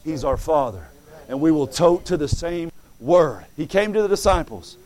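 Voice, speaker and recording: A preacher man with a high voice delivers a fervent sermon. He reads scripture aloud and acts out quoted voices in dialogue. His delivery moves from hushed asides to ringing exclamations. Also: expressive, normal speed. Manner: fervent, swings from soft asides to loud exclamations.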